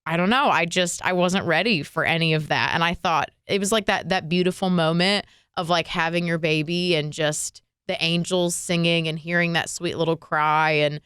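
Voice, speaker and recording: A young woman co-hosting a podcast, retelling a personal story in an emotional, animated way full of fillers. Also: on the low side, normal speed, hardly any pauses, clear, resonant tone, dry recording, studio quality. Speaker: radio and podcast co-host. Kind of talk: casual conversational storytelling.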